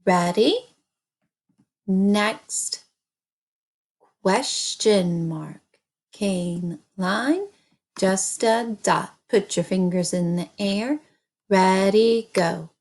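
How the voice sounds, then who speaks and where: Very slow-speaking woman teacher. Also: mid-range voice, darkish tone. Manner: slow, deliberate, repeating chants for children. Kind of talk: early-grade reading lesson.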